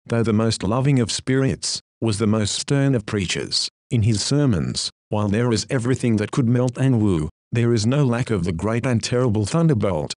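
A man's voice: medium pitch, darkish tone, no echo, studio quality. A man delivering a stern, solemn sermon in an oratorical manner. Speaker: preacher. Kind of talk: sermon reading.

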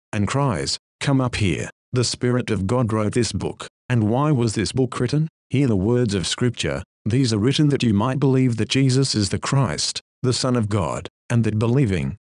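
A man's voice: medium pitch, darkish tone, dry recording, studio quality. A man reading a sermon aloud as a preacher, in an earnest, pleading manner.

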